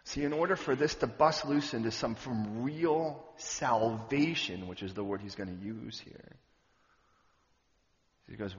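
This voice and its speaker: A male pastor preaching a sermon in a church hall, conversational and humorous, with loud animated bursts. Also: medium pitch, measured pace. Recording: echoey hall, dull lo-fi sound.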